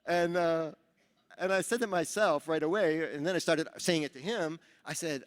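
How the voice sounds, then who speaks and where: In a big, echoing event hall, a Rotary speaker at a training seminar gives a motivational talk full of stories. His voice sits on the high side at a moderate pace, and he animatedly acts out the dialogue.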